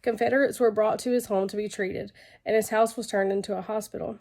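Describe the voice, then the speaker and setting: A young woman with a hoarse, gravelly voice that is fading as she recovers from illness. Her tone is dark and subdued, and she stops often with fillers. She presents her research informally to a webcam at home. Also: mid-range voice, steady tone. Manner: halting, many fillers. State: losing her voice, unwell. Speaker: graduate student presenting research.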